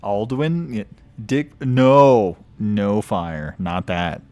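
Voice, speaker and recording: A man's voice: fairly low pitch, animated, extremely slow, dark tone. A man streaming a video game, reading lore aloud in a casual way, stumbling over odd names and chuckling.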